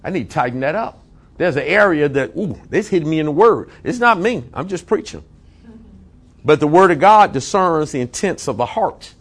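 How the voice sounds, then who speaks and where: Emphatic preacher man, high-pitched. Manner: emphatic, repeats phrases, stretches key words slowly. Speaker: pastor. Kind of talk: sermon.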